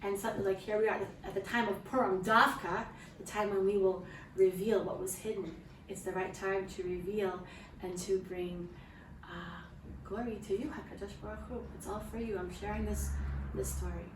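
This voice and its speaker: A woman's voice: medium pitch, steady tone, normal speed. A middle-aged woman tells an emotional personal testimony to a small group, earnest and heartfelt, with many restarts and asides to her listeners. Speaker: mother sharing a testimony. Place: room with a small gathered group. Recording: roomy, distant mic with faint background noise.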